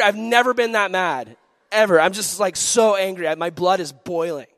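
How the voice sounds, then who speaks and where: A young man, a former youth pastor, telling comic faith stories in a self-mocking, animated way. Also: high-pitched, normal speed, no echo, clean studio sound. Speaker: former junior high pastor. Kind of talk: comedic storytelling testimony.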